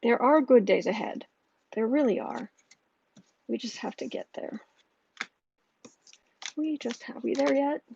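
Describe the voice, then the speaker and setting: A woman hosting a tarot livestream in casual chat, thinking aloud slowly with many fillers and restarts. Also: on the high side, expressive, vocal fry, darkish tone, highs cut off, slight background noise.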